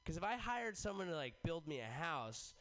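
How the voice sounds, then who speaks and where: Man, stand-up comedian, rambling and chatty, slightly high voice. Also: big pitch swings, normal speed, fairly bright tone. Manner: rambling and conversational, full of "like". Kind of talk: stand-up set. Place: comedy workshop at a community radio station.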